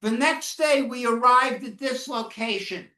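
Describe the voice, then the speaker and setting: A woman giving a first-person survival testimony to students, speaking slowly and solemnly and often asking the audience questions. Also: on the high side, bright, forceful tone. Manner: slow, solemn storytelling. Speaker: Holocaust educator speaking to students. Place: classroom or lecture hall. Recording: echoey room, mic far off.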